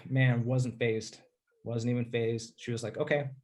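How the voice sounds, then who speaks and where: A man telling a personal story in a casual interview, candid and rambling, often clearing his throat and saying "dude". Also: mid-range voice, fairly even intonation, measured pace.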